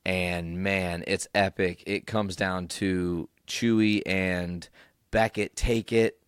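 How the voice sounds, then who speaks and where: A young man hosting a podcast alone, recapping excitedly, rambling and swearing freely. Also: sits low, slow, smooth, no room sound, studio quality. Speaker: podcast host. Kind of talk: casual solo recap.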